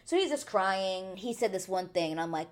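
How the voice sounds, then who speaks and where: A woman casually recapping a reality dating show, chatty and opinionated, full of "like" fillers and high indignant outbursts. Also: animated, normal speed. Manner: rises to high indignant exclamations. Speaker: TV recap vlogger.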